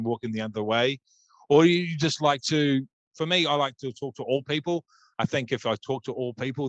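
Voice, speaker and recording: A man's voice: medium pitch, a bit bright, no room sound. A man hosting a casual podcast interview, rambling with many ums and restarts. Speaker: podcast host. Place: Auckland, New Zealand.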